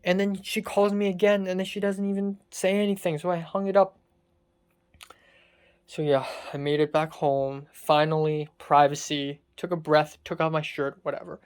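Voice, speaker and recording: A young adult vlogger, pouring out an exasperated, sarcastic rant full of swearing. The voice sits at an ordinary middle pitch and sounds distressed and worn down. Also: level tone, moderate pace, smooth. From Hong Kong. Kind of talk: casual confessional vlog rant.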